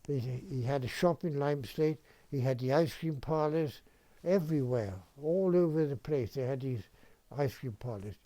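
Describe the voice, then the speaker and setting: A man, reminiscing in a rambling, halting way with frequent restarts and throat clearing. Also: mid-range voice, dark tone. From Wales. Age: 90s. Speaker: interviewee, retired dentist. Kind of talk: reminiscing storytelling.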